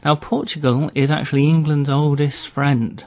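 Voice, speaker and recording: A man, a regular history guest on a radio show, telling a story in a relaxed way with wry asides. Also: fairly high pitch, moderate pace, dry recording. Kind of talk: storytelling chat.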